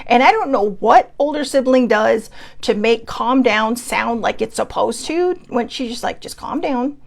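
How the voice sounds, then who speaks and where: A woman's voice: on the high side, vocal fry. A woman hosting a casual livestream, chatting in a rambling, self-deprecating way from home. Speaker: host.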